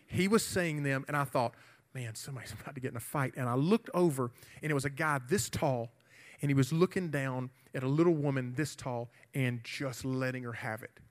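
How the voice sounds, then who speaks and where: A man, preaching a youth sermon and telling a story with energetic, shouted bursts. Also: mid-range voice, moderate pace. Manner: animated, shouting during the retold confrontation. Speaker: youth pastor. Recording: hall reverb.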